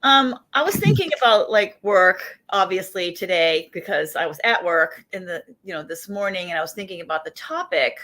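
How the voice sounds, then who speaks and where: A woman's voice: lowish voice, animated, bright, forceful tone. Thoughtful woman guest on a podcast. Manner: thoughtful, measured. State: recovering from illness. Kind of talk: casual chat.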